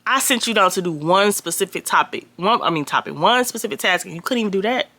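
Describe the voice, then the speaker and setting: A young woman telling a storytime to her viewers, animated and profane, acting out the people she quotes in a raised voice. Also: medium pitch, fast talker, a little hiss or hum. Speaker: storytime vlogger. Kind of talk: casual storytelling.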